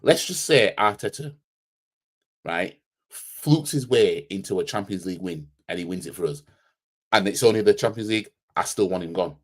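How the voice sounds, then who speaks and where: A man's voice: low-pitched, lively intonation, moderate pace. A man hosting a football fan channel, giving a heated, blunt match reaction full of slang and repeating himself for emphasis.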